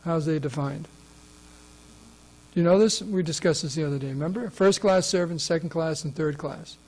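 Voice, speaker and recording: A man's voice: on the high side, normal speed, a little mellow, low-quality recording. A man giving a scripture class, conversational and often asking his listeners questions. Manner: conversational, asks the audience questions. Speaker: class speaker.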